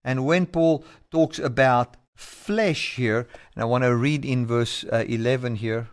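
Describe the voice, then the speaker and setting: A male pastor delivering a sermon in a measured, emphatic way, repeating key phrases. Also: mid-range voice, clear, resonant tone. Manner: measured, emphatic preaching with repetitions.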